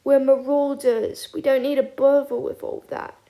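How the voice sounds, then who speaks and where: A woman voicing an eager, excitable teenage schoolboy wizard who talks loud and impatient. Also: high-pitched, moderate pace. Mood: excited.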